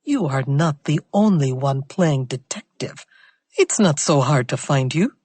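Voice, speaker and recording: A woman's voice: deep voice, lively intonation, measured pace, a little mellow, slightly rough, dry recording, full character voice. A woman voicing a mocking, streetwise woman informant with a throaty Jamaican accent in an audiobook thriller. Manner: mocking, taunting, calls others girlfriend.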